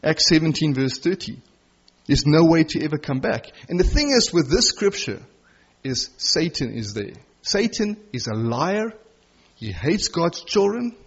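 A middle-aged man preaching a sermon with passion, rising to loud emphasis and dropping to soft, tender asides. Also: a little high, sing-song, a little slow, breathy edge, highs cut off.

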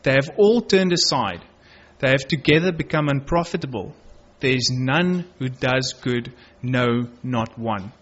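A man's voice: mid-range voice, lively intonation, measured pace, a bit bright. A man preaching a sermon, reading Bible verses aloud and earnestly stressing key words. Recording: dull lo-fi recording.

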